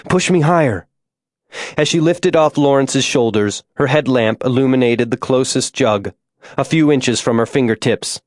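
A man reading an audiobook in a measured, scripted narration. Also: mid-range voice, no echo, clean studio sound.

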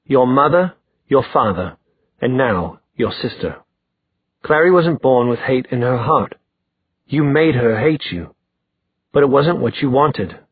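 A man voicing a proud, sarcastic young male fighter with a sharp, cutting delivery. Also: medium pitch, breathy edge, no room sound. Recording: dry tinny phone-like sound.

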